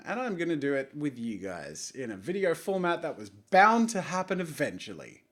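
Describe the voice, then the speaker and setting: A man's voice: mid-range voice, very animated, normal speed, few pauses, a bit bright. A man hosting a casual vlog, self-mocking and fond of restarting his lines. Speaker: host.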